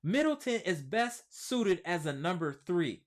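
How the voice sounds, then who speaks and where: A man with a slightly higher-pitched voice hosts a casual live-stream sports show. He talks in an animated, slangy way, reads viewer comments aloud and answers them, and repeats his points for emphasis. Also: normal speed. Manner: emphatic repetition, slangy speech. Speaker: sports channel host.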